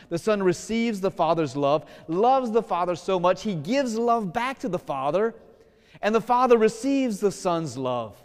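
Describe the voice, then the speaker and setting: High-voiced priest preaching in a reverberant church. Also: male voice. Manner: lively, casual preaching that slows for emphasis. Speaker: Catholic priest. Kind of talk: sermon.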